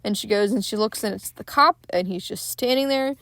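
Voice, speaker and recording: A young woman hosts a podcast, retelling a film in a loose, candid, excitable way and swearing freely. Her voice sits at a middling pitch. It is close and dry, with no room sound. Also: brisk, no echo. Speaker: podcast host. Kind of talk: casual film recap.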